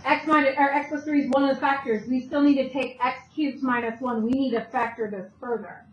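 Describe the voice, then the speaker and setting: Woman math teacher, high pitch, questioning students, echoey classroom, distant mic, faint background hum. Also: fairly even intonation, highs cut off. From Italian heritage. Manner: brisk, talks students through steps with questions. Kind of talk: classroom lecture.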